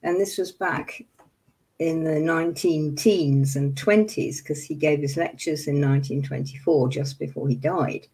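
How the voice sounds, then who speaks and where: Older woman, low mellow voice, passionate emphatic talk, livestream host. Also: unhurried. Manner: angry, emphatic, apologetic outbursts. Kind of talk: impassioned casual talk to viewers.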